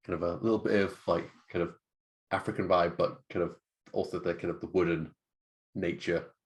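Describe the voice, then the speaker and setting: A man's voice: low voice, steady tone, brisk. A man playing a tabletop game, describing his character's actions in a hesitant, rambling way. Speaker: player.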